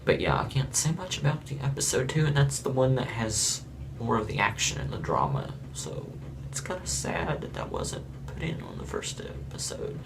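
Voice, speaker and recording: A man's voice: mid-range voice, huge pitch swings, normal speed, creaky, background noise. A man from Florida giving a casual, blunt and rambling review of a reality show, with chuckling asides.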